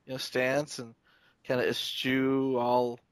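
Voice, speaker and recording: A man's voice: medium pitch, completely flat delivery, slow, clear, resonant tone, no echo. A man co-hosting a podcast, chatting casually with wry, joking asides. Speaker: podcast co-host. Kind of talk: casual chat.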